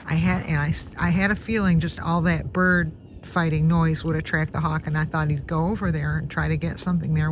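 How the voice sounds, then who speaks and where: A vlogger outdoors in a backyard, casually telling a rambling story with asides and restarts. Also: medium pitch. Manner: chatty, digressive, with many restarts and asides. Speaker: backyard bird-watching vlogger. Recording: steady outdoor background noise.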